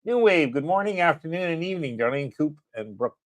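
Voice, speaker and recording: A man co-hosting a livestream, his pitch rising and falling a lot as he reads viewer comments aloud. The sound is dry and close, with no room around it. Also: lively intonation, fairly quick, no echo. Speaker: livestream co-host. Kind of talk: casual livestream chat.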